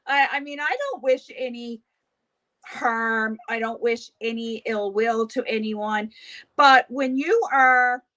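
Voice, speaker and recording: Woman vlogger, gossipy makeup chat, laughs a lot, higher voice, unhurried. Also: a bit bright. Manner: gossipy, laughs often, chats with viewers. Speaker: beauty livestream host. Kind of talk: casual chat while doing makeup.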